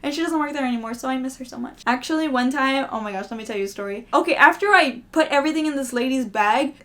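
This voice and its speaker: A woman's voice: high-pitched, fast talker, fairly bright tone. A young woman vlogger in casual, rambling, self-deprecating chat to camera, often laughing.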